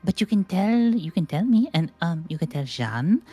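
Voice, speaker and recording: A woman playing a tabletop game, making wry, deadpan asides. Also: lowish voice, normal speed, slightly rough, faint music behind. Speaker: player. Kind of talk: casual tabletop game play.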